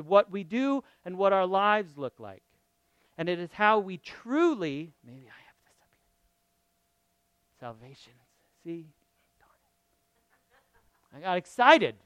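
A middle-aged man preaching a lively, conversational sermon, often asking his listeners questions. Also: sits high, clean tone, no room sound. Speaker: pastor.

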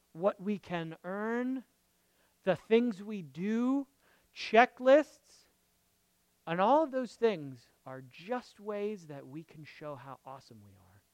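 Male pastor, casual sermon delivery, smooth resonant voice, loud punches and hushed asides, checks in with listeners. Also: high-pitched, animated, takes it slowly, no room sound. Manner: swings from loud emphatic lines to quiet murmured asides; checks in with the audience, asking okay and right. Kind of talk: conversational sermon.

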